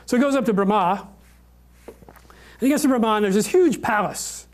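A man's voice: high-pitched, quick pace. A man giving an informal lecture on religion and answering questions, often hesitating and restarting his sentences. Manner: hesitant, with many fillers and restarts.

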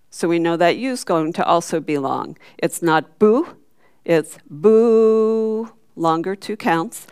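A woman's voice: fairly low pitch, clear, resonant tone, dry recording, clean studio sound. A woman teaching a chanting class, patiently explaining marks and singing syllables for the group to repeat. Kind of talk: chanting lesson.

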